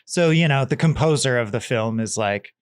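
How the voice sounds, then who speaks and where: A man's voice: mid-range voice, moderate pace, no room sound. A man co-hosting a podcast, casually recapping a movie plot and acting out the characters' lines as he goes. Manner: animated, acts out characters' lines while recapping. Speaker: podcast co-host. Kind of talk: casual film discussion.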